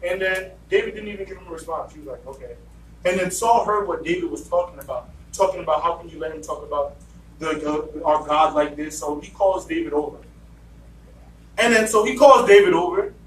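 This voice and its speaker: A man with a fairly high voice delivers a sermon, retelling the story and slipping into the voices of its characters. He is picked up from a distance in a reverberant church hall, with a faint hum of room noise underneath. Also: fairly quick. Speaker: preacher. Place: church sanctuary. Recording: echoey church room from afar.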